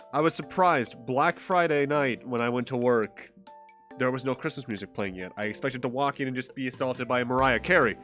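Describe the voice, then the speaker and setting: A man's voice: mid-range voice, fairly bright tone. A man streaming a video game, casually joking and swearing as he plays. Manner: joking, profane, with bursts of laughter. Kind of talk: casual let's-play commentary.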